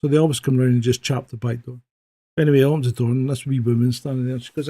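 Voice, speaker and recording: A former police officer with a Scottish accent chats casually on a podcast, telling a story at a very fast clip in his mid-range voice. He's an animated storyteller who acts out the dialogue as he goes.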